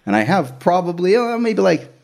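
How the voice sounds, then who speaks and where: Brief: male magician spinning a story in casual chat, lively, laughs a lot, does quick voices. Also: high-pitched, gravelly. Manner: animated, laughs often, acts out quoted voices.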